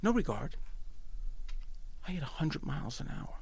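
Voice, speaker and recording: Gravelly animated man from Long Island. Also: on the high side, moderate pace, no echo. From Long Island, New York. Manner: animated, repeats phrases, often restarts. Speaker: guest telling his story. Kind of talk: casual storytelling.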